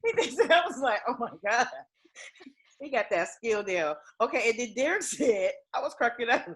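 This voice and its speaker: High, husky-voiced giggly woman. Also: lively intonation, normal speed. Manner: giggly, retells funny moments. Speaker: podcast co-host. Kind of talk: casual chat recapping a TV episode.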